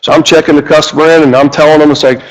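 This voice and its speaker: A man's voice: fairly high pitch, little pitch movement, rapid-fire, rough recording. A middle-aged man with a Midwestern American accent, a car shop owner and radio host, telling rambling stories full of fillers. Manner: rambling, anecdotal, many fillers. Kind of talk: casual storytelling talk.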